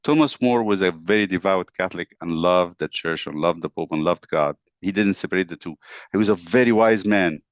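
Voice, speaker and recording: Low-voiced male teacher telling history. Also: a little fast, no room sound, muffled recording. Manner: animated storytelling, asks the class questions. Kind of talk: classroom history lesson.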